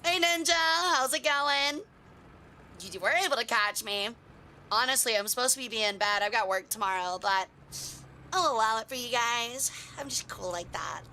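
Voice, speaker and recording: Bright, excitable woman streamer. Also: a little high, normal speed, slight background noise. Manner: excitable, swears, chats with viewers. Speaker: game streamer. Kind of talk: casual live gameplay commentary.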